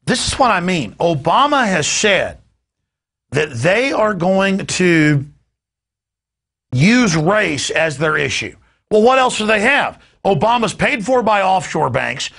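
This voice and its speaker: A man's voice: high voice, creaky, sharp tone. A man hosting a talk show, delivering an emphatic and indignant political rant. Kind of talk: ranting political commentary.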